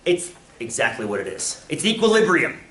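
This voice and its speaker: A man teaching a lively classroom lesson, breaking into loud bursts of excitement. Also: fairly high pitch, normal speed. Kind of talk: classroom lecture. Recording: echoey classroom from far off.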